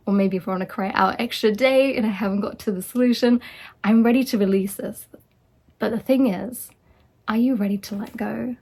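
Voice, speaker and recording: A woman life coach talking earnestly and encouragingly to her listeners, now and then dropping into a soft whisper. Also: medium pitch, brisk, breathy edge. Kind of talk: motivational monologue.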